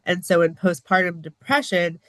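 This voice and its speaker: A woman from the United States, a podcast guest talking openly in a casual interview, earnest and expressive, with small laughs and lively pitch jumps when she quotes others. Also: moderate pace, dry recording.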